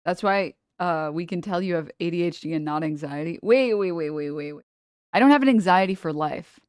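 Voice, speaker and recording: A woman livestreamer chatting casually with her viewers and reading chat, rambling and animated, laughing often and swearing freely. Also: lowish voice, a little fast, smooth, dry recording, studio quality.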